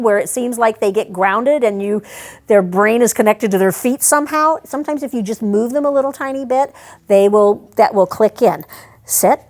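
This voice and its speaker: Her voice sits fairly high with a darkish tone as she works with a service dog in a live demonstration. She addresses veterans directly, walking through each step chattily and practically while stopping to issue short commands to the dog.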